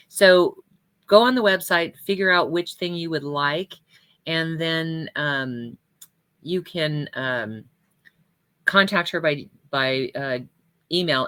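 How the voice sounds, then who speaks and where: Woman minister, low pitch and bright, forceful tone, chatty and loose, recorded dry and close. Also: no room sound. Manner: chatty, rambling, laughs easily. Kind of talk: casual church announcements.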